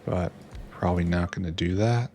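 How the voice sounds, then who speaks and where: A man's voice: low-pitched, normal speed, dark tone, a little hiss or hum. A man thinking aloud in casual commentary while playing a game, musing and mocking himself. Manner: musing, talks to himself, dry self-mockery. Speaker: gameplay streamer.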